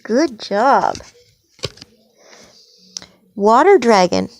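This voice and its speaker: A woman's voice: a little high, big pitch swings, very slow. A woman patiently teaching a toddler animal names at home, with exaggerated encouraging praise.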